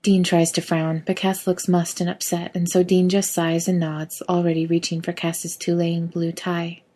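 A woman narrating a romance story aloud with expressive, emphatic delivery. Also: fairly low pitch, normal speed. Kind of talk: reading fiction aloud.

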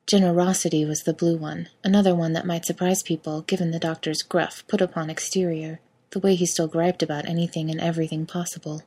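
Woman, story reader, husky breathy voice, low pitch, measured. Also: mellow. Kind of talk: fan fiction reading.

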